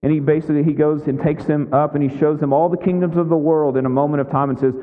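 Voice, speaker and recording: A man's voice: fairly high pitch, fairly even intonation, fast, few pauses. A man preaching a sermon as pastor in a conversational way, with frequent asides asking his listeners. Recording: tinny lo-fi sound in a big echoing hall.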